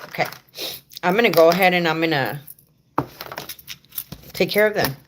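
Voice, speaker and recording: A woman's voice: fairly low pitch, normal speed, noisy background. A woman hosting a casual livestream for home care workers, chatty and rambling, talking straight to her viewers with affectionate asides. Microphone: head-mounted rig.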